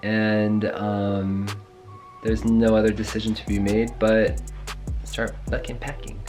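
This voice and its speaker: A young man in casual vlog chat, rambling and excitable, swearing casually as he talks. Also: on the low side, slow pace, over music. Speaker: travel vlogger.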